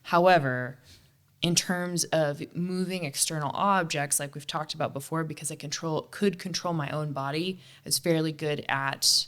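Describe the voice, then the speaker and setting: A woman's voice: deep voice, steady tone, normal speed, fairly bright tone. A young woman co-hosting a casual fitness podcast, talking frankly and swearing freely. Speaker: podcast co-host and CrossFit coach. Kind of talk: casual chat.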